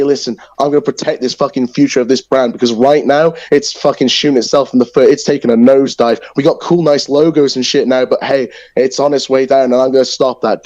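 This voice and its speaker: A man's voice: mid-range voice, darkish tone, highs cut off. A man cutting an aggressive, profanity-heavy wrestling promo in character over voice chat. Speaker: wrestler in online league press conference. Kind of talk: in-character trash-talk promo.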